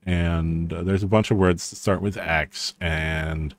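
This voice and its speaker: A man's voice: low-pitched, steady tone, slow pace. A man giving casual, rambling commentary as he reads through a language reference book, with frequent restarts and a wry tone.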